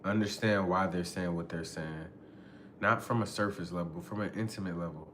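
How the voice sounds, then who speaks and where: A man's voice: sits low, normal speed, fairly bright tone, slight background noise. A man hosting a podcast, talking casually about relationships in loose slangy speech with lots of laughing and swearing. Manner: loose slangy talk, frequent laughter and profanity. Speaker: podcast host. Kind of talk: casual relationship advice talk.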